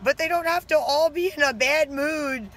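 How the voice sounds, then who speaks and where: A woman's voice: sits high, normal speed, fairly bright tone. A woman vlogging outdoors by her house, chatty and exasperated, with lots of "like" fillers as she retells her day. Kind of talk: casual vlog narration.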